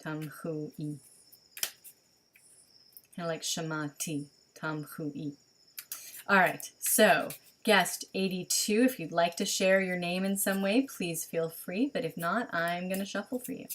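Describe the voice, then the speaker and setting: A woman with a somewhat low voice leads an online spiritual session from home, speaking into a webcam. She talks casually and thinks aloud, often pausing on ums as she goes. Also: fairly bright tone. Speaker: online service leader. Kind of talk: online livestream teaching.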